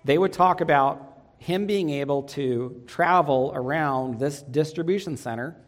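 A man's voice: a little high, measured pace. A middle-aged man preaching a sermon in a conversational way, asking the listeners rhetorical questions and changing his pace often. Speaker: pastor. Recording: long hall reverb.

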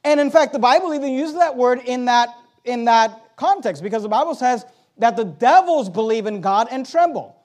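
High-voiced man preaching an emphatic sermon. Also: expressive, moderate pace, a little mellow. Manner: emphatic, rhetorical questions, reads scripture aloud.

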